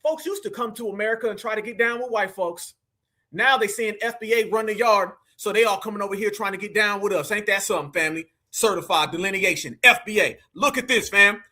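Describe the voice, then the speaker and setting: A man hosting a live stream, reacting to clips in a loud, mocking way and often calling out to his audience. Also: high voice, brisk. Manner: loud, mocking, keeps addressing "family".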